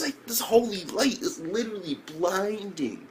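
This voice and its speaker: A young man reviewing an anime episode in casual speech, slangy and profane, who keeps jumping up in pitch when he reacts. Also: normal speed, a little hiss or hum.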